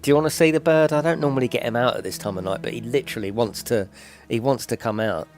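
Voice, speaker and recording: A man chatting casually on a live stream from his desk at home, rambling and chatty. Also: fast. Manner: rambling, chatty, breaks into high coo when talking to his pet bird. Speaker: gaming YouTuber. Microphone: desk microphone.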